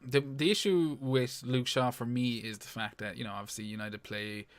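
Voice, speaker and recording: A man's voice: mid-range voice, steady tone, normal speed. A man co-hosting a podcast in casual chat, laid-back, swearing freely and using lots of fillers. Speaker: podcast co-host.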